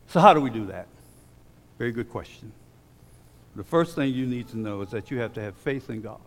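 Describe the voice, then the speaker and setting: A man preaching a sermon with emphasis, slowing down to read scripture aloud and dropping into relaxed, stumbling asides to the congregation. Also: mid-range voice, big-room sound. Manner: emphatic, slows down when reading scripture; conversational asides with repeated restarts.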